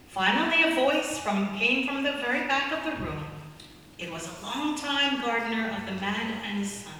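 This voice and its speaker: A woman's voice: a little high, animated, normal speed, sharp tone, slight background noise. Sex: woman. Role: preacher telling a story. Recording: echoey hall from far off. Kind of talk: sermon storytelling.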